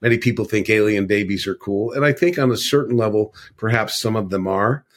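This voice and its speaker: A man's voice: lowish voice, fairly quick. An older man telling a long personal story as a podcast guest, earnest and rambling, with many fillers. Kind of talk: conversational storytelling.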